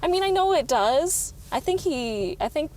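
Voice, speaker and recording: A woman's voice: high voice, very animated, normal speed. A young woman co-hosting a casual movie review chat in a car, chatty and giggly, with lots of "like". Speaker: co-host of a movie review show. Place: inside a car. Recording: car noise, loud road hum.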